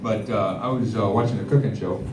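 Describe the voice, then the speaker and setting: A man doing a stand-up set at a comedy club, with a rambling, deadpan delivery full of fillers. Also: on the low side, a little fast, noisy background. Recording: echoey club, heard from far off.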